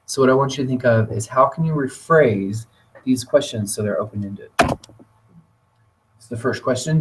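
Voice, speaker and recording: A man presenting a teacher training webinar, talking in a relaxed conversational way with occasional fillers. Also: mid-range voice, normal speed, long pauses, a little hiss or hum. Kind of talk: webinar lecture. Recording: voice distant from the mic.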